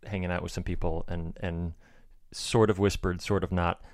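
Male co-host, soft-spoken and wry, lowish voice, dry studio sound. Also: little pitch movement, normal speed, no echo. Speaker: podcast co-host, pastor. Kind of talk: casual church podcast chat.

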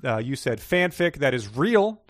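A man's voice: mid-range voice, sing-song, a little slow, dry recording, studio quality. A man hosting a guessing game, reading passages aloud and going over answers in a playful, stumbling way. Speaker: game host.

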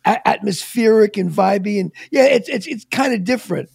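A man's voice: sits high, fairly quick, gravelly, darkish tone, husky, dry recording, clean studio sound. A man with a New York accent co-hosting a podcast, rambling with many fillers and restarts. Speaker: podcast co-host. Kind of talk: casual chat.

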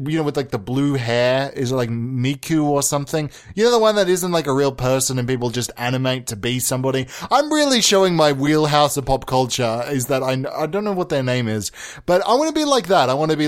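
An Australian man from Australia in a casual comedic monologue, playful and rambling, bending his inflections for fun. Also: medium pitch.

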